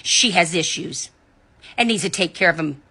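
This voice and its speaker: A woman delivering a heated, indignant monologue, cussing and swinging between loud outbursts and low muttering, recorded at home in bed. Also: moderate pace, breathy edge. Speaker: vlogger. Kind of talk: angry ranting monologue.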